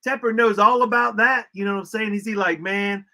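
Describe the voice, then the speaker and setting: Guy with a high bright voice, joking around, slangy, getting over a summer cold. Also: fairly even intonation, fast. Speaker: co-host. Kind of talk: casual chat.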